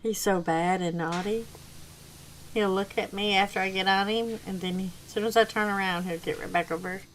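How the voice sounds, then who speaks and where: This gaming-channel host, a woman, plays while rambling through a casual story, laughing a lot along the way. Her medium-pitched voice is moderately paced and fairly even, captured on a low-quality recording with a little hiss or hum.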